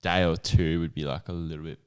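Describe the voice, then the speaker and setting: A man's voice: sits low, flat delivery, fairly quick, a little mellow, clean tone. A young adult man, co-hosting a podcast in a laid-back, sweary chat. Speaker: podcast co-host. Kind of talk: casual chat.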